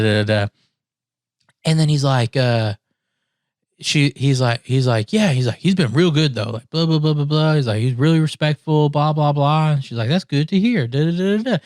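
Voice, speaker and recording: A medium-pitched man speaks smoothly in clean, echo-free studio sound. He's a podcast co-host spinning a long story in casual chat, animatedly acting out what other people said and laughing often.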